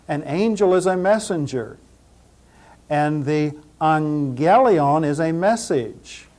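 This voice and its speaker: A man teaching Greek pronunciation, saying each word slowly, repeating it, and spelling it out letter by letter. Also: a little high, darkish tone. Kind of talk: slow pronunciation lesson.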